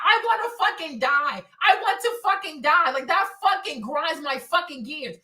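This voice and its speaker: A woman with a high, sharp voice rants through a live-stream commentary, swearing hard and pressing her audience for agreement again and again. She sounds set back from the mic in a roomy, echoing space. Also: expressive, normal speed, few pauses, far from the mic. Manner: profane, emphatic, keeps asking "right?".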